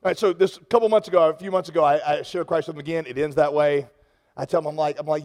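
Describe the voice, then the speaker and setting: High, gravelly-voiced male preacher in a hall. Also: steady tone, fast talker, a little mellow. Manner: storytelling, conversational, impassioned builds. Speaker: pastor. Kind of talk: sermon. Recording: long reverb of a large hall.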